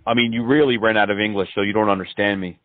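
A man's voice: fairly low pitch, fairly even intonation, fast talker, dry recording. Mocking male prank caller on phone. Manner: mocking, sarcastic. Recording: tinny phone line.

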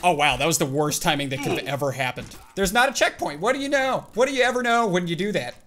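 A man giving live commentary while playing a video game, excitable and reactive, bursting into yelps and shouts. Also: sits high, fast, slight background noise. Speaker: gaming channel host.

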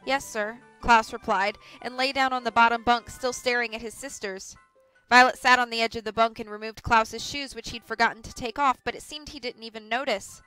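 A woman reads a novel aloud on a livestream, with clear and measured storytelling. Her voice is bright and forceful, sitting a little high for a woman. Her pace is even and steady. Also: faint music behind, low-quality recording. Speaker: audiobook reader.

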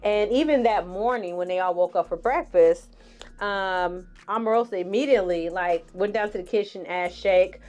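A woman's voice: mid-range voice, moderate pace, darkish tone, lo-fi sound. A woman in her forties giving a casual, sassy recap of a reality show, calling her viewers honey and laughing often. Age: 40s. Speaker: online TV reviewer.

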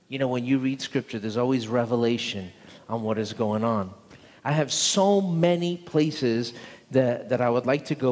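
A man pastor preaching a conversational sermon, repeating phrases and building to emphatic calls for amen. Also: medium pitch. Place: church sanctuary. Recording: church sanctuary with long reverb and live music. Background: instrumental music.

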